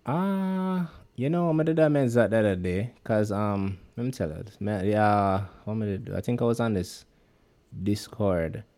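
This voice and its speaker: Mellow low-voiced Jamaican man. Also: animated, normal speed. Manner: rambling Jamaican patois speech, many fillers. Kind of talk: casual chat.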